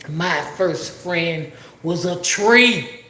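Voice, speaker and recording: A woman's voice: on the low side, animated, drawn-out words, pushed and bright, reverberant. A woman with a Southern Alabama drawl, talking casually and rambling to a livestream audience, often asking if they understand. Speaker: spiritual rootworker livestreamer.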